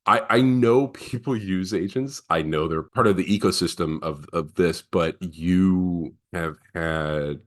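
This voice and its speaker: A man's voice: low voice, measured pace, hardly any pauses. A man hosting a podcast interview, asking thoughtful questions and agreeing often. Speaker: podcast host. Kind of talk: interview host.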